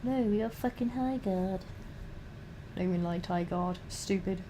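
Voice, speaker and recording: A woman's voice: mid-range voice, measured pace, warm tone, slight background noise. A young adult woman streamer, chatting casually and rambling while painting miniatures, swearing a lot and restarting her sentences.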